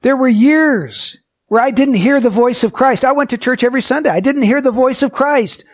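A man preaching a sermon, earnest and emphatic, asking the listeners rhetorical questions and slowing down to stress key words. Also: extremely high pitch. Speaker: pastor.

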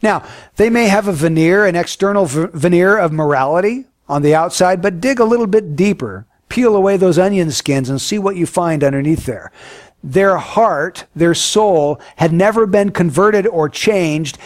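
A man preaching a sermon in an earnest, emphatic way, often dropping to a hushed, solemn tone. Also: high-pitched, normal speed, no room sound, studio quality.

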